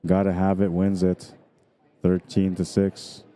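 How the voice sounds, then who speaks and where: A man's voice: low voice, completely flat delivery, measured pace, mellow, clean tone. A man commentating a pool tournament on a live stream from the hall, chatting easily and greeting viewers. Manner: chatty, easygoing, talks directly to viewers.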